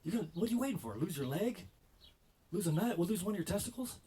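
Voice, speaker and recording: Guy playing a fed-up doctor, keeps pushing, talks high and loud. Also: very animated, fast, husky, exaggerated voice. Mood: exasperated. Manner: loud, insistent bro talk. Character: exasperated male doctor, blunt, nagging.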